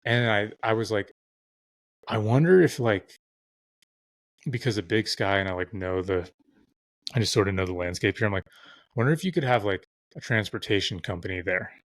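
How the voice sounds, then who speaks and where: A man's voice: lowish voice, moderate pace, long pauses, no room sound. Profane, rambling man telling stories. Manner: loose and profane, filler-heavy. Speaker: podcast guest. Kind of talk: casual storytelling chat.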